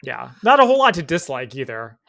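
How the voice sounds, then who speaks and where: A man's voice: on the high side, very animated, fairly quick, vocal fry, pushed and bright. A man co-hosting a podcast in casual chat, making dry, wry asides. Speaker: podcast co-host.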